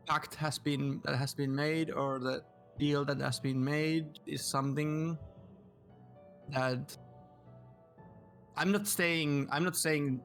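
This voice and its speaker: A man playing a tabletop game, negotiating in halting, self-correcting sentences. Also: mid-range voice, a bit bright. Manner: hesitant, restarting often. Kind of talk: casual chat.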